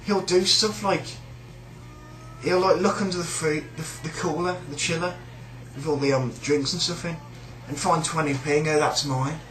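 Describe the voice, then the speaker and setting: British guy having a sweary rambling rant, bright sharp voice, echoey room. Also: a little high, steady tone, moderate pace, faint music behind. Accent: British English. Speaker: shop worker. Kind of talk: casual rant.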